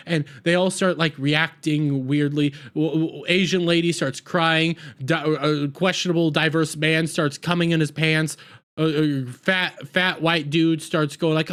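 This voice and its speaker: A man's voice: fairly high pitch, moderate pace, a bit bright, smooth. A man rambling through a casual episode recap with a sarcastic edge. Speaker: TV episode reviewer.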